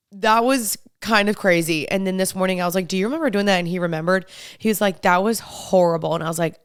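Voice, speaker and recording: A woman's voice: mid-range voice, smooth, no room sound, studio quality. A young woman hosting a podcast, chatting casually in a bubbly, talkative way full of "like" and "literally". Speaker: podcast host. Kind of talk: casual chat.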